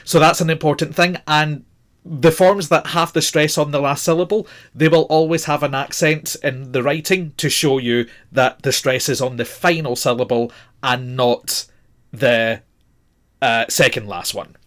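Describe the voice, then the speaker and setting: A man's voice: a little high, fairly even intonation, unhurried, a bit bright. A man in his forties teaching a grammar lesson, patient and methodical, spelling out words letter by letter with frequent fillers. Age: 40s. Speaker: language teacher.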